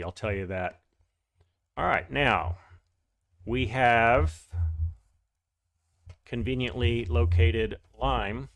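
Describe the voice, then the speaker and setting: A man's voice: medium pitch, creaky, fairly bright tone, no room sound, studio quality. Chatty man streaming a farming game. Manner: chatty, greets viewers with "howdy", rambling restarts. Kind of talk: casual live-stream gaming commentary.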